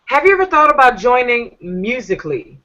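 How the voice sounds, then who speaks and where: A woman hosts a live online chat in a bright, forceful voice. She talks with sass and animation, reading viewers' messages aloud. Her voice comes through a laptop or phone mic on a video call. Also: on the high side, very animated, brisk, low-quality recording. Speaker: talk show host. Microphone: computer or phone on a video call.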